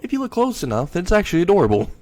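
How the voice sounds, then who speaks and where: A man voicing a cheerful young female imp in a storybook reading, gushing in a raised falsetto-like pitch. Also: wildly swooping pitch, very fast, a little mellow. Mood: doting. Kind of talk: storybook character voice.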